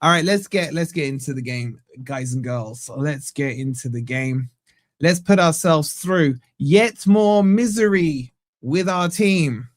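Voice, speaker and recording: A man hosting a live football watch-along stream from a home setup. He banters with viewers and gives them shout-outs. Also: fairly high pitch, unhurried, no echo, clean studio sound. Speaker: fan channel host.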